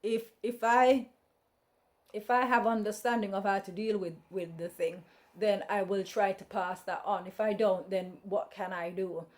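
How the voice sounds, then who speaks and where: A woman's voice: mid-range voice, steady tone, unhurried. Blunt woman rambling frankly. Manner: blunt and outspoken, rambling with many restarts. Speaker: podcast host. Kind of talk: casual personal monologue.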